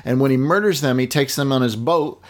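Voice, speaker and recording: A man's voice: medium pitch, fairly quick, a little hiss or hum. A man hosting a casual chat over a video call, reacting easily and retelling a movie plot.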